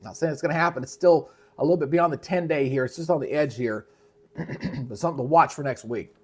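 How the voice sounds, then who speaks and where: A male meteorologist hosting a live weather briefing in a casual, conversational way, with a frog in his throat that keeps him clearing it. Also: a little high, a little fast. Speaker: meteorologist host.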